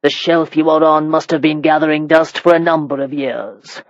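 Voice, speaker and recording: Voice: medium pitch, fairly even intonation, moderate pace, no room sound, highs cut off, close to an everyday voice. A reader voicing a blunt, commanding elderly marquis in an audiobook. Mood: gruff. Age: older. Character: gruff elderly male marquis, imperious and sharp-tongued. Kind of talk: audiobook character reading.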